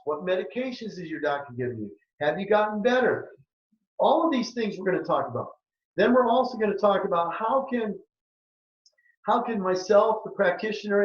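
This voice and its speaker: A health practitioner in his sixties from southern Minnesota gives an earnest, emphatic webinar that repeats its key points and ends up in a sales pitch. His voice sits high, and the audio sounds roomy and dull.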